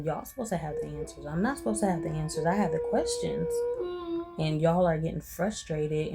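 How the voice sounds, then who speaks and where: A woman vlogger, venting in a frustrated, rambling way and repeating herself. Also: deep voice. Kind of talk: venting to camera.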